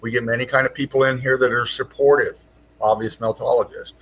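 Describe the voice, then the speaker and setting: A man's voice: mid-range voice, fairly even intonation, brisk, a bit bright, slightly rough. Laid-back man co-hosting a chat. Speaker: co-host and forum moderator. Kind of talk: casual chat.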